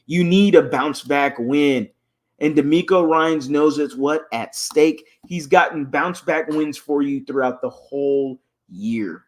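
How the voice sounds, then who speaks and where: A man with a drawl hosts a live football prediction show. His voice sits a little high, and he talks with brash fan energy, cursing and slinging slang. He swings between loud rallying and quieter asides. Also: slow pace. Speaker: sports podcast host.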